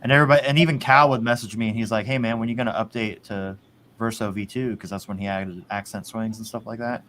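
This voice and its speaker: A man's voice: on the low side, fairly even intonation, fast, fairly bright tone, slight background noise. A man in casual chat, rambling, swearing and laughing often. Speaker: podcast host.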